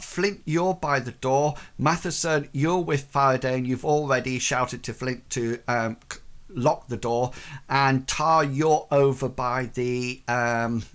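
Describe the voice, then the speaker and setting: A man running a tabletop game as game master, recapping events slowly with many pauses and fillers. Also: mid-range voice, a bit bright.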